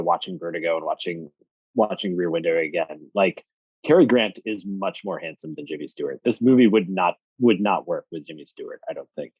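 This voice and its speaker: A man appearing as a podcast guest, chatting in a relaxed, thoughtful way with hesitations. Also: low voice, husky, no room sound, lo-fi sound. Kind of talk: casual chat.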